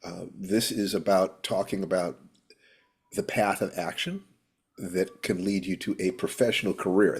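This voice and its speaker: A man's voice: lowish voice, husky. A man hosting a writing workshop over a video call, talking in an easygoing, affectionate, musing way. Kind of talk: casual workshop chat.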